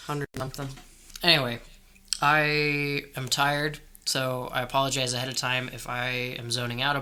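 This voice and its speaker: A tired man hosting a podcast in casual chat, low-key and subdued. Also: bright, forceful tone. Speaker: podcast co-host.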